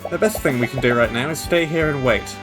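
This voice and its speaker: A man's voice: medium pitch, fairly quick, music in the background, lightly acted. A man voicing an anxious young male student in a game, stammering nervously. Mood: nervous pleading.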